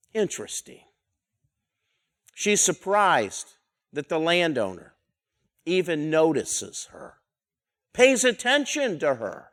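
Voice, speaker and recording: A man with a slightly raised pitch leads a verse-by-verse Bible study. He talks conversationally, asking his listeners rhetorical questions and coming back to the same phrases again and again. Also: huge pitch swings, slow pace, long pauses, fairly bright tone. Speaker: Bible teacher.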